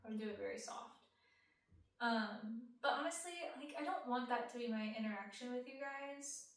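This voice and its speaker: A woman's voice: fairly high pitch, normal speed, very echoey, recorded from a distance. A young woman casually answering fan questions, bubbly and rambling, full of ums and likes. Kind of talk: casual chat, reading comments aloud.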